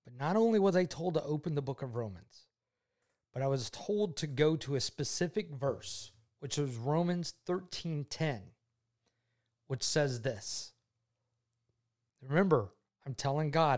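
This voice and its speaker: A man speaking to his daughter, telling his faith testimony in an earnest, heartfelt way, often repeating himself and going quiet when moved. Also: on the high side, animated, a little slow. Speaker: father talking with his daughter.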